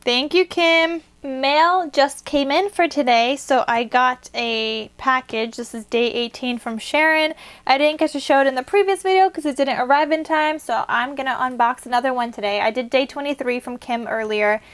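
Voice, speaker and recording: A woman's voice: high-pitched, moderate pace, fairly bright tone, smooth. Chatty young woman gushing over crafts. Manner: chatty, gushing, many fillers. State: out of breath. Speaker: craft vlogger. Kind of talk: casual unboxing chat. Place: home craft room at a desk.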